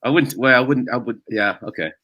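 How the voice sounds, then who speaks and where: A man's voice: mid-range voice, a little fast, sharp tone, no room sound. A male stand-up comedian as a guest on a casual podcast, telling rambling self-deprecating stories.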